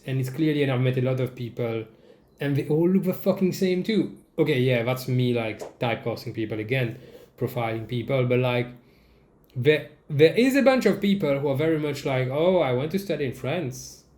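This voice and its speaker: A young Mauritian man with a Mauritian accent, giving casual comedic commentary in a sarcastic, swearing, animated way. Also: mid-range voice, moderate pace. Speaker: vlogger. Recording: echoey room.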